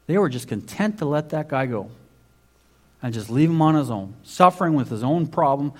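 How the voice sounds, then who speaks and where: Male pastor, chatty sermon delivery, voice a touch high. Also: animated, normal speed, darkish tone. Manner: conversational preaching, many restarts and "basically".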